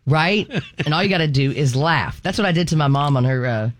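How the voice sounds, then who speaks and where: A man's voice: a little high, animated, brisk. A middle-aged man co-hosting a radio show, telling a funny story in casual banter and laughing through it. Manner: storytelling, laughing through his own tales.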